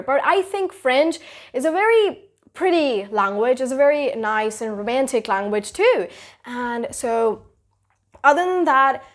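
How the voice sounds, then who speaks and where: A young woman giving a casual video lesson on basic French, talking loosely with many fillers like "you know" and "like". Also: a little high. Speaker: YouTube creator teaching basic French.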